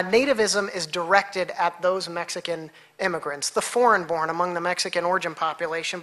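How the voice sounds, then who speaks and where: A woman researcher presenting her findings at an academic conference, explaining in a measured way and now and then correcting herself mid-sentence. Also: lowish voice, bright, forceful tone. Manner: measured, explanatory lecturing with occasional self-corrections.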